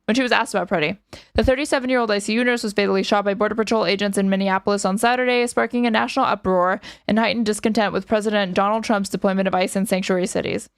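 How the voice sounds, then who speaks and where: A woman hosting a stream, reading news aloud and breaking in with sarcastic remarks. Her voice is smooth and resonant. The sound is dry and close, with little room around it. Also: mid-range voice, steady tone, very fast, no echo. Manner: sarcastic, reads articles aloud with asides. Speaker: streamer reacting to news clips. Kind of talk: casual commentary over clips.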